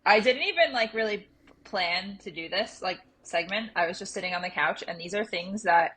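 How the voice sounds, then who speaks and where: A young woman co-hosting a casual podcast, animated and laughing often as she tells stories and runs a game. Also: medium pitch, normal speed, husky, low-quality recording. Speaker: podcast co-host running a game.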